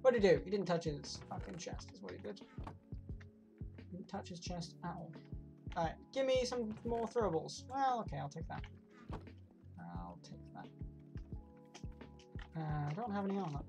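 A woman streaming a video game, reacting out loud, talking to herself and swearing often. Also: fairly low pitch, sing-song, moderate pace, long pauses. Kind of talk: live gameplay commentary. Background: game music.

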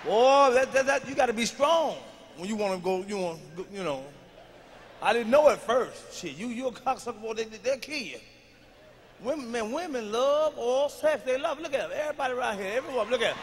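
A man doing a profane stand-up routine, dropping from mumbled asides to shouted punchlines, in a large live venue. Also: very high voice, animated, a little fast. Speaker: stand-up comedian. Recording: long hall reverb, faint noise.

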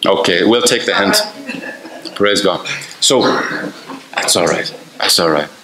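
Irish male pastor, lowish voice, earnest conversational sermon, roomy church-hall echo. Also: noisy background. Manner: earnest, conversational preaching with quick asides.

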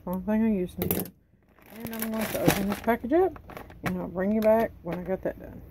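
A woman's voice: fairly high pitch, background noise. A tired woman who is losing her voice, chatting casually in her kitchen and reading cooking instructions aloud. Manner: rambling, chatty, reads package instructions aloud. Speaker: cooking vlogger. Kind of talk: casual cook-along chat. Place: home kitchen.

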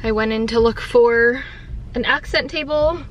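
A woman's voice: fairly high pitch, unhurried, muffled recording, a little hiss or hum. A woman in her twenties with a Canadian accent, chatting casually to camera at home for her vlog, full of giggles and "like" fillers. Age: 20s. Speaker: vlogger. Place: at home in an apartment.

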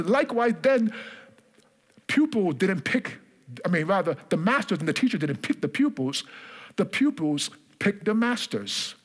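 High, lively-voiced male preacher. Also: a little slow. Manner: emphatic preaching with repetition, asks congregation for responses. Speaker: pastor. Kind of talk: sermon. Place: church.

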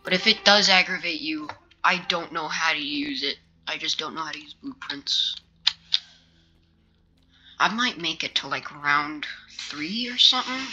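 A woman's voice: sits low, pushed and bright, dull audio, a little hiss or hum. A woman casually commenting while she plays a video game. She rambles, hesitates and restarts her sentences as she loses her words. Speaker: gaming channel host. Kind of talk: casual let's-play commentary.

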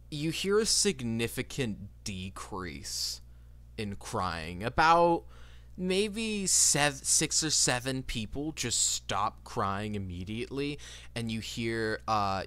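Male game master, lively pitch, bright tone, lots of ums. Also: slow pace, smooth. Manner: lively narration with many fillers. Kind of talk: narrating a tabletop game.

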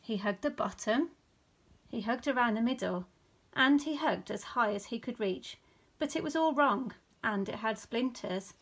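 A woman teacher reading a bedtime picture book aloud in a slow, expressive storytelling manner. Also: fairly high pitch, slightly rough.

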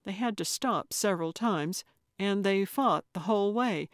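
A woman reads a cozy mystery audiobook at a slow, unhurried pace, measured and even. The studio recording is dry and close, with no room sound at all. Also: medium pitch, dry recording. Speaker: audiobook narrator. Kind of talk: scripted audiobook narration.

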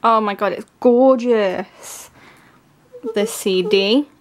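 A woman gushing excitedly through a casual unboxing, her voice strained and giving out. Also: mid-range voice, slow pace. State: voice giving out, coughing. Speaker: K-pop album unboxer.

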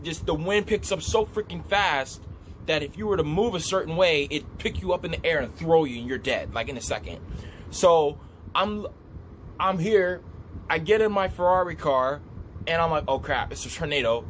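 A man telling a vivid dream story in a casual, animated way, repeating himself as he describes what he saw. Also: fairly high pitch, slight background noise. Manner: animated, repetitive, gestures while describing. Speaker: vlogger recounting a dream.

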